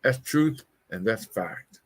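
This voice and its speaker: A man's voice: lowish voice, animated, takes it slowly. A middle-aged man hosting a motivational talk show, preachy and repetitive, calling his listeners y'all. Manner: preachy, repeats phrases, addresses audience as y'all. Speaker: show host.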